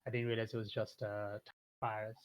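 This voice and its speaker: A man's voice: lowish voice, level tone, moderate pace, a little hiss or hum. A man playing a tabletop game, talking in a sheepish, apologetic way. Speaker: player. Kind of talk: casual tabletop game chat.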